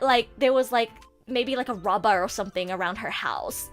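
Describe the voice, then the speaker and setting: Gushing, excitable young-sounding woman streamer. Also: on the high side, normal speed, faint music behind. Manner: gushing, excitable, lots of fillers. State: emotional, near tears at times. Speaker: VTuber streamer. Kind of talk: casual livestream chat.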